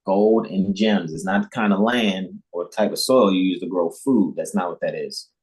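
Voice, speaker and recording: Husky low-voiced man lecturing emphatically. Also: moderate pace, darkish tone, low-quality recording. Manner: emphatic, repetitive, lecturing with frequent restarts and chuckles; mimics imagined listeners in high mocking voices. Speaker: spiritual teacher hosting a devotional livestream. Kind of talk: informal spiritual lecture.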